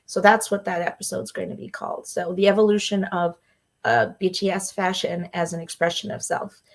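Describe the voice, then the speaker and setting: Chatty, excitable woman hosting solo. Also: lowish voice, a little fast. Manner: chatty and excitable, with frequent laughs and fillers. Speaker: podcast host. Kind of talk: casual solo livestream chat.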